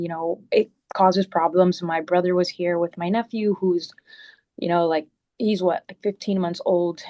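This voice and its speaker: Young resident woman, slightly low voice, rambling nervous public comment with lots of "like" and "um". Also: darkish tone. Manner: rambling, heavy with "like" and "um", earnest and worried. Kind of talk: spontaneous public testimony. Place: town meeting room.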